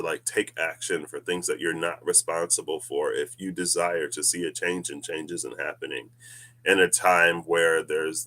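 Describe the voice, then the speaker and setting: Deep-voiced man musing on spirituality. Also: a bit bright. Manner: rambling, musing, laughs often. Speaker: tarot reader. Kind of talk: casual spiritual reading vlog.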